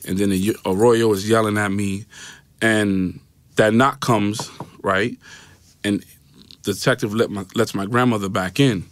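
A New York man with a lowish voice appears as a podcast guest, recounting a personal story loosely and repetitively at a normal pace with fairly even intonation. He acts out the voices of people in the story and keeps saying "right?". The studio mic recording has no echo.

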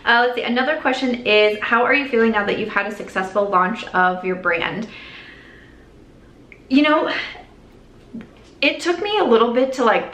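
A woman's voice: medium pitch, fairly bright tone. A young woman chatting while she does her makeup in a get-ready-with-me vlog, rambling and earnest, with lots of "like" and restarts. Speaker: beauty vlogger. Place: at home doing makeup. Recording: echoey room.

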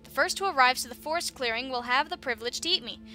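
Woman reads a sly, nervous storybook rabbit, light and bright. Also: sits high, quick pace, faint music behind. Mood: eager. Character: clever, frightened male rabbit. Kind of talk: storybook reading.

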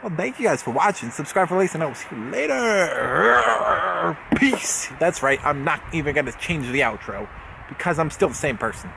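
A young man with a slightly high voice talks his way through an unboxing, rambling and joking as he corrects himself. Clear background noise sits under his voice the whole time. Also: very animated, normal speed. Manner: rambling, jokey, self-correcting. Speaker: vlogger. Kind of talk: casual unboxing vlog.

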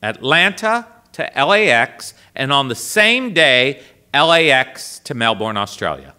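Animated storytelling priest, slow and bright. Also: male voice, mid-range voice, smooth. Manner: animated, comic storytelling with acted-out dialogue. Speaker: priest and speaker. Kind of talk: storytelling talk to an audience.

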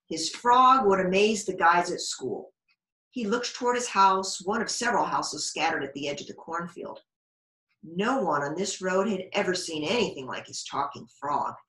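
A woman librarian reading a children's storybook aloud in a slow, expressive way. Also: lowish voice. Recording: echoey room.

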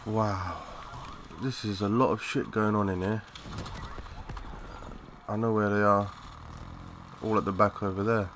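Young man, live game commentary, lowish pitch, sharp bright tone, slangy and sweary, faint noise behind. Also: unhurried, pauses often. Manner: excitable, swearing, chatty slang. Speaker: gaming commentator.

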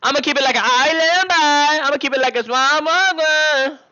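Man doing a high, squeaky, sing-song meme chant, muffled audio. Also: normal speed, bright, forceful tone, heavily acted. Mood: mocking.

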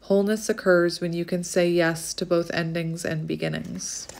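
A woman doing a casual oracle card reading, gushing softly over cards and reading their text aloud. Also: lowish voice, little pitch movement, moderate pace, vocal fry. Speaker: tarot reader.

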